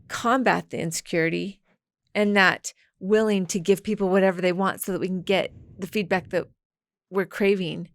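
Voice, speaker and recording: Mom co-hosting a podcast, hesitant and thinking out loud, dry close mic. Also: female voice, medium pitch, dry recording. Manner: thoughtful, hesitant, many restarts. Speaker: podcast co-host and parent. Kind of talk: casual podcast chat.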